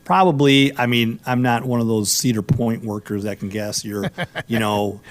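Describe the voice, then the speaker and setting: A middle-aged man hosting a law radio show, telling stories in animated casual banter. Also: mid-range voice, moderate pace. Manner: animated storyteller, rising into exclamations.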